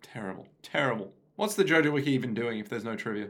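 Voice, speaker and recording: A man's voice: medium pitch, lively intonation. A man co-hosting a podcast, reacting and joking in a casual chat. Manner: reactive, joking, quick to laugh. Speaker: podcast co-host.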